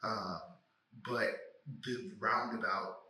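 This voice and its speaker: A man hosting a podcast, a doctoral student, talking in a reflective, measured way with some slang. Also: on the low side, steady tone, bright, forceful tone. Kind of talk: casual conversation. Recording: echoey room.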